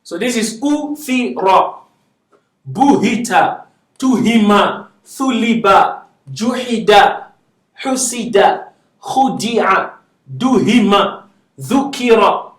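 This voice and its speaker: Male language teacher, high voice, slow and deliberate delivery, recorded from a distance in a classroom. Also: animated. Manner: drills words slowly, laughs often, chatty asides. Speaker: Arabic teacher. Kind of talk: classroom lecture, reading word lists aloud. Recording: echoey classroom from far off.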